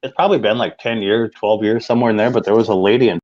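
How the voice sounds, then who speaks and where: A man's voice: lowish voice, fairly even intonation, racing, darkish tone, no echo. Easygoing man on dull lo-fi stream audio. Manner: easygoing, chatty, greets viewers. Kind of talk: casual chat.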